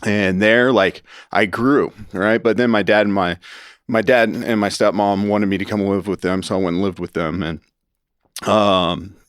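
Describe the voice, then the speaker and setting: A man's voice: fairly low pitch, steady tone, normal speed, dry recording. A man from Houston, Texas, telling his personal story as a podcast guest in a studio. He rambles with plenty of "like" and "right?" and acts out the voices of the people in his story. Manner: acts out quoted dialogue with shifts in tone.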